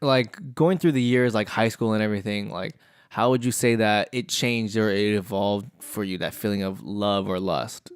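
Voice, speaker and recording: Young man, podcast co-host, smooth resonant voice, dry close sound. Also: on the low side, moderate pace, dry recording. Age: young adult. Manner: relaxed, asks questions, filler-heavy. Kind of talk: casual chat.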